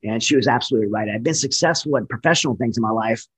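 A man's voice: mid-range voice, very fast, a bit bright, rough recording. A man who served in the military giving an earnest, candid personal testimony in conversation, often restarting his sentences. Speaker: military veteran guest.

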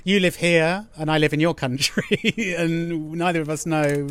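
A man's voice: a little high, steady tone, normal speed, noisy background. A man hosting a casual podcast, chatty and jokey, playfully mimicking other people. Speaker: podcast host. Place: restaurant table with guests.

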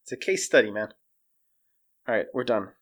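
A man on a casual livestream, ranting in an animated, profane way, his voice jumping up when he gets exasperated. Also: lowish voice, normal speed. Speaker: streamer.

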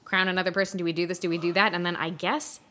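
A woman co-hosting a casual podcast chat, recapping a film story with lively acted-out quotes, frequent laughs and casual swearing. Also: lowish voice. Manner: animated, acts out characters in quick quotes, laughs often, swears casually. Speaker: podcast co-host.

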